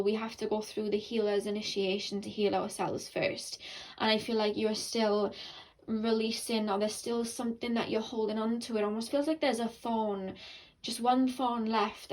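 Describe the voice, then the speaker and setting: A woman's voice: on the high side, rough recording. A young woman giving a casual, earnest tarot reading to her viewers, rambling with fillers and restarts, at times tearful. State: tearful and emotional. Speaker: tarot card reader.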